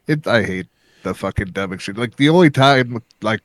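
A man's voice: on the low side, animated, normal speed, dry recording. A man co-hosting a casual podcast, speaking bluntly and swearing often. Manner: blunt, profane. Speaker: podcast co-host.

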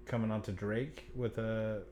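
Low-voiced man in casual chat. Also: steady tone, unhurried, over a noisy crowd.

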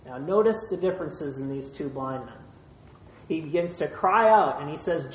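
Pastor giving a sermon, slow careful phrases, mid pitch, echoey room. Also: expressive, slight background noise. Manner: measured preaching in short phrases, retelling scripture. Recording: roomy echo.

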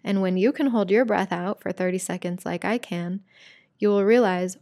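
A young adult woman teaching a guided breathwork lesson, calm and soft-spoken, then candid and casual as she explains. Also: mid-range voice, normal speed, no room sound, clean studio sound.

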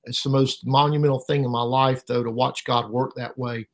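A middle-aged man giving an emotional personal testimony as an interview guest, halting and repeating words, his voice rising sharply at painful moments. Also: medium pitch, flat delivery. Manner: halting, repeats words, voice rises sharply when reliving pain.

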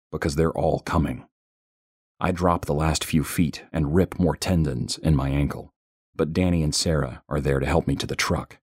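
Very deep husky male narrator. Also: dry recording, studio quality. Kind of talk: first-person horror story narration.

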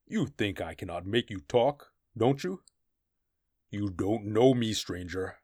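A man voicing a fierce, cruel and boastful barbarian warrior in a story reading, shouting in a raised voice. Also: fairly low pitch, animated, takes it slowly, dry recording, studio quality. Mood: taunting. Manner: loud, raised shouting delivery.

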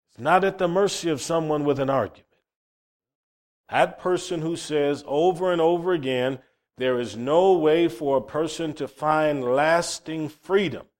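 A man preaching a sermon, fervent and emphatic, often repeating words as he starts a phrase. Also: fairly high pitch. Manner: fervent, rising to loud emphatic peaks.

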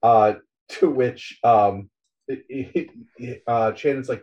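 A man talks casually at a middle pitch, retelling scenes with frequent hesitations and quick voiced quotes of the characters. The recording is dull and lo-fi. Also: a little mellow. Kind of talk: casual chat.

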